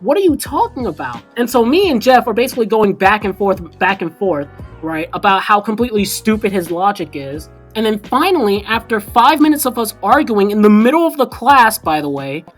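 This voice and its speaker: A young woman vlogger telling a story time in casual slang, animated and chatty. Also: mid-range voice, fairly quick, soft background music.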